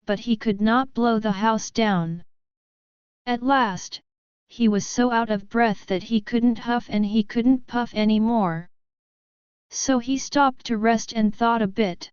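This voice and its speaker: Slow, clear woman telling a children's story. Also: fairly high pitch, no room sound. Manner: expressive, deliberate storytelling. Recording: dull lo-fi recording.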